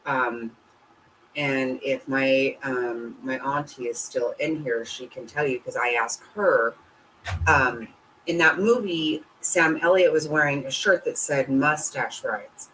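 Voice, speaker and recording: A woman hosts a casual livestream, speaking slowly on a rough recording with a little hiss or hum. She's blunt and swears constantly, her pitch swinging up and down in an animated way.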